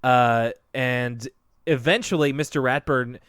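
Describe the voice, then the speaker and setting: A man's voice: medium pitch, measured pace, fairly bright tone, clean tone, no echo, studio quality. A man co-hosting a podcast, casually recapping a cartoon episode, rambling and laughing often. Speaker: podcast co-host.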